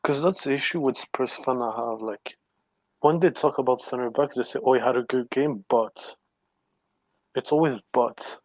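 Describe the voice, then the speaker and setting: A man's voice: mid-range voice, moderate pace, darkish tone, no echo. A man arguing his football opinions insistently in a casual chat. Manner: insistent, argumentative.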